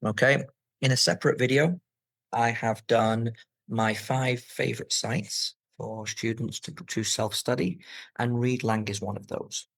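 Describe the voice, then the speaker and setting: A man with a slightly husky voice gives a clear, instructive lesson on reading aloud for an English exam. He speaks at a middle pitch into a close mic in a dry room. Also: unhurried, fairly bright tone, dry recording, rough recording. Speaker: English teacher.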